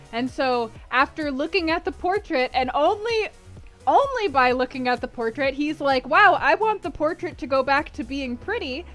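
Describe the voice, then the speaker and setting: Chatty high-voiced woman streamer. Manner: chatty, lots of fillers and "like". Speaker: streamer hosting a book club. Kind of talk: casual recap of a novel.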